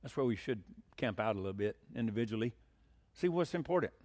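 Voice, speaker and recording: A man preaching a sermon as pastor, animated, asking rhetorical questions and chuckling between points. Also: mid-range voice, fast talker.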